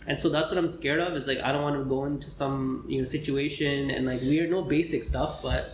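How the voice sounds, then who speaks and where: A young man, a medical student co-hosting a podcast, chatting casually and rambling with lots of fillers and throat clearing. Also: mid-range voice, steady tone, fairly quick. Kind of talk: casual chat. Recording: echoey room with faint noise.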